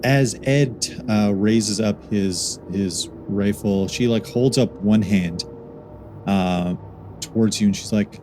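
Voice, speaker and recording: A man narrating as dungeon master, talking casually and haltingly with many fillers. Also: lowish voice, darkish tone, a little hiss or hum. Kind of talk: narrating a tabletop game.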